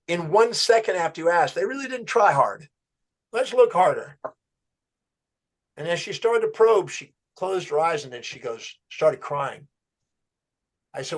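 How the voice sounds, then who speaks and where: A man's voice: on the high side, moderate pace. A man telling a story as a podcast guest, acting out a client's words and his own questions. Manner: animated storyteller, quoting a client's answers.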